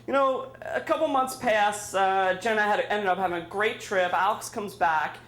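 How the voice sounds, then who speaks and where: High-voiced man rambling through a story. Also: moderate pace, a bit bright. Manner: rambling and filler-heavy, self-mocking humor. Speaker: storyteller at a live story slam. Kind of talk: live personal storytelling. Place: bar hosting a live storytelling night. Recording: echoey room with faint ambience.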